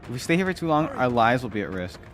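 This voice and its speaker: A man's voice: mid-range voice, big pitch swings, quick pace, fairly bright tone, faint music behind. A man streaming a game, chatting casually, reading on-screen text aloud and musing as he plays. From United States. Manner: muses aloud, reads game text and trails off. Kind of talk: casual gameplay commentary.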